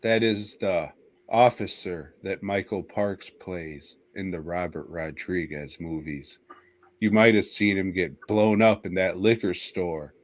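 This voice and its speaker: Low-voiced male co-host, slow wry delivery, casual banter. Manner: wry, drawn-out joking. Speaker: podcast co-host. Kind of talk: casual chat.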